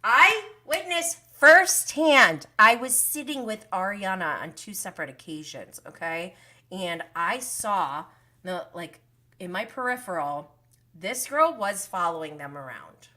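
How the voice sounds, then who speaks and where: A woman with a bright, forceful voice chats through a casual livestream recap. She is gossipy and talkative, often swearing and laughing between her remarks. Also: medium pitch, lively intonation, measured pace. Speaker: show recap host.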